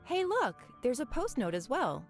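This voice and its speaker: A sharp-tongued woman investigator speaks in a video game with a dry, sarcastic wit. Her pitch sits in an ordinary middle range but rises and falls with a lively swing. Faint music plays under her lines. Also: normal speed, full character voice. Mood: wry. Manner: sarcastic and wry.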